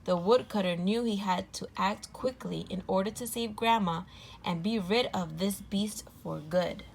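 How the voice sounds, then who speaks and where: A woman narrating a children's storybook aloud in a clear, gentle voice. Her reading stays even and measured at a middle pitch. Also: slight background noise.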